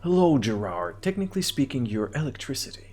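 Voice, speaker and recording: A man's voice: mid-range voice, sing-song, fairly quick, darkish tone, faint music behind, voice pushed up, close to an everyday voice. A man voicing a cocky, mocking police detective in a game. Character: cocky male police detective making prank calls.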